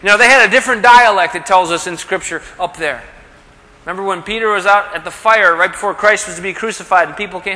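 A man preaches in a conversational way, often pausing for rhetorical questions. His voice sits high and sounds bright and forceful. A long reverb trails behind him, as if he is in a large hall. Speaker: pastor. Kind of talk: sermon.

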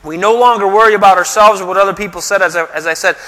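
A man's voice: high voice, racing, sharp tone, big-room sound. A middle-aged male pastor preaching a sermon in a conversational, emphatic way, full of rhetorical questions.

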